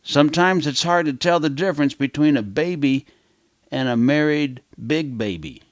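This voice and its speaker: A man's voice: fairly high pitch, moderate pace, dry recording, studio quality. A man teaching a lesson for kids in a wry, conversational storytelling way. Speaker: language teacher. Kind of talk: children's lesson narration.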